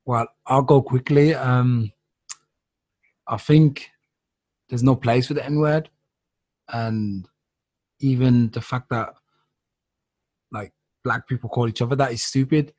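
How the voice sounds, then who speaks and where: A man's voice: mid-range voice, takes it slowly, long pauses, no room sound. A man in casual discussion who tells stories and acts out what others said. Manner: animated storyteller, acts out quotes.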